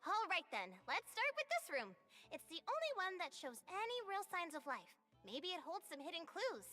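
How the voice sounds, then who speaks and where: Very high, bright voice of an eager young girl reporter in a video game, earnest and urgent. her lines sit over faint game music. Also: huge pitch swings, normal speed, full character voice. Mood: investigating. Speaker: game character.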